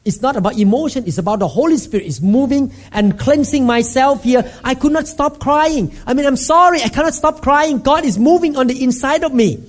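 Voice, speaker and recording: A man preaching a sermon as a pastor, emphatic and repetitive, acting out scenes with sudden shouts. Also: extremely high pitch, brisk, few pauses. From Thailand.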